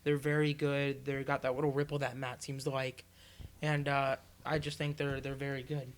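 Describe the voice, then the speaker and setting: A man's voice: mid-range voice, flat delivery, normal speed, slight background noise. A young man co-hosting a casual podcast, teasing his friends in a laid-back way. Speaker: podcast co-host. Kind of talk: casual chat.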